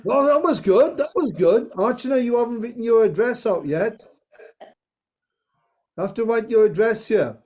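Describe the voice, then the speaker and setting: A man leading a group reading of a scripture story, telling it slowly with playful asides. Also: very high-pitched, lively intonation, darkish tone.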